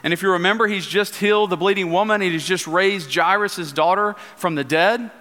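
Man pastor preaching, bright slightly high voice, big church reverb. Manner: earnest preaching, slowing into hushed prayer. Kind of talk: sermon. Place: church sanctuary.

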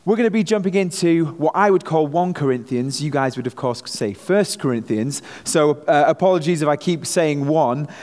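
A man with a Manchester English accent preaches a sermon as a visiting missionary pastor, slipping light jokes between his points. His voice sits a little high. The sound carries a long reverb from a large hall. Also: expressive, moderate pace, few pauses, a little mellow. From England.

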